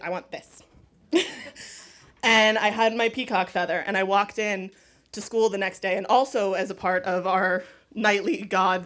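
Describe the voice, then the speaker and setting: A young woman telling a candid, wry personal story live on stage to an audience. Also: medium pitch. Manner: candid, wry, lively delivery with laughter. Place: small live venue before an audience.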